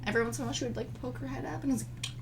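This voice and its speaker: A woman's voice: high voice, steady tone, racing, noisy background. A woman co-hosting a podcast, chatting casually with many fillers. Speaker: podcast co-host. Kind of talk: casual chat.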